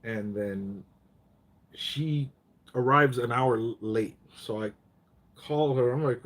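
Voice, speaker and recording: A man's voice: mid-range voice, slow, long pauses, a bit bright. A man hosting a casual live chat, telling rambling stories full of profanity and getting worked up.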